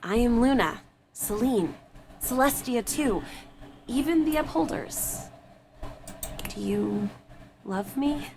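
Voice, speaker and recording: Soft-spoken console spirit, video game voice, very slow, slightly high, noisy game audio. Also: female voice, animated. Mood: tender. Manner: soft, slow and tender, at times hushed.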